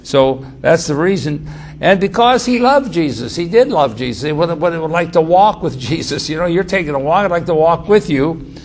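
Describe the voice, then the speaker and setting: A man's voice: fairly high pitch, animated, moderate pace, a little hiss or hum. Repetitive, emphatic male preacher. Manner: repetitive, restarts phrases, emphatic. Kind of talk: sermon, Bible teaching.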